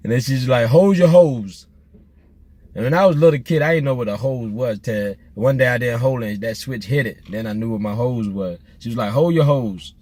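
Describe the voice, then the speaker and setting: A middle-aged man, talking in a car. His voice is husky and a little breathy, and his pitch sits in a plain middle range. He tells stories in a laid-back, rambling way, with jokes, slang and restarts. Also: darkish tone. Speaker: vlogger. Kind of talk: casual storytelling while driving.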